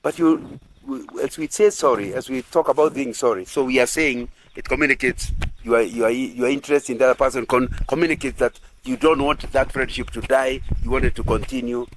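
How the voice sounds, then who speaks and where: A man's voice: medium pitch, brisk, slight background noise. A man preaching at a couples' retreat, earnest and repetitive, often asking the audience if they agree. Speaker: pastor.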